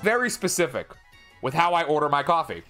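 An excitable young man streaming video games, with a bright, fairly high voice. His pitch swings widely, jumping into shouts when things go his way, and he swears freely. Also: a little fast, faint music behind. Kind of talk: live gaming stream.

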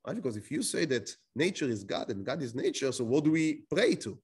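Animated man teaching with rhetorical questions. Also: medium pitch, fairly quick, slightly rough. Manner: explains with rhetorical questions, frequent restarts. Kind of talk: lecture to a class.

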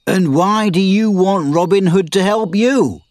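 A man's voice: high-pitched, measured pace, darkish tone, no room sound, clean studio sound, pitched above the performer's own voice. A man voicing a big, sly outlaw who speaks in a wry, musing way.

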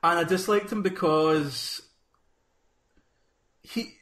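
A man from Scotland co-hosting a casual podcast chat, talking in halting bursts with many restarts. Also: high voice, a bit bright. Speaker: podcast co-host. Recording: roomy echo.

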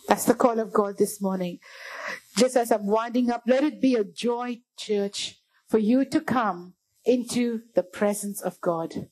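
A woman with a high voice preaches to her congregation in a church. She speaks with fervent urgency and keeps calling them "church" as she urges them on. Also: unhurried, mellow, low-quality recording. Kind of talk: sermon.

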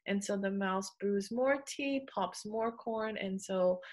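A woman's voice: medium pitch, slow pace. A woman teacher talking children through a story, asking questions and explaining the next activity with plenty of "um" and "okay". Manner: questioning, encouraging, with fillers. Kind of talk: online lesson for children.

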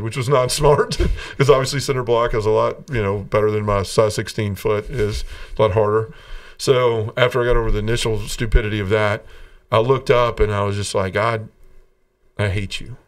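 Sounding far from the microphone, a man with a fairly low voice gives personal testimony as a podcast guest. He's from Tennessee and speaks earnestly and with emotion.

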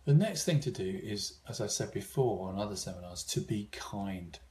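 A man's voice: on the low side, sing-song, brisk, darkish tone. A man giving an informal seminar talk, thoughtful, with frequent fillers and restarts. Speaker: seminar speaker.

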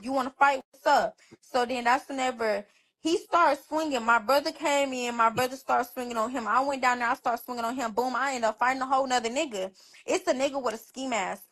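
A young woman on a phone livestream, casually telling a story with lots of swearing and acting out every quoted line. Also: sits high. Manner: animated, profane, acts out quoted dialogue. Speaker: livestream host. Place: bedroom.

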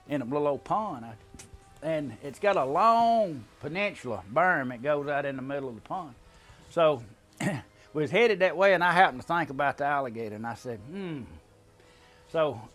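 A man's voice: on the high side, fairly bright tone. An older man telling a family story in a folksy, drawling way, chuckling often. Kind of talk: casual storytelling.

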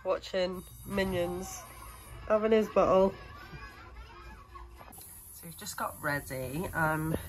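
A young woman vlogging on a cruise ship, chatting to camera in a casual, laughing way with plenty of swearing. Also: lowish voice. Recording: noisy background.

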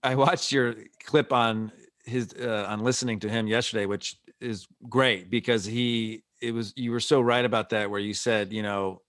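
A male comedian chats as a guest on a podcast, telling animated stories and laughing easily. His voice is mid-pitched. It is recorded dry and close. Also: moderate pace, no room sound. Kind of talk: casual comedic chat.

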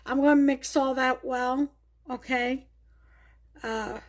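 A woman's voice: high-pitched, fairly even intonation, slow pace, slight background noise. A woman with a New York accent hosting a casual cooking demonstration in her home kitchen, chatting and thinking aloud with many fillers. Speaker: home cook host.

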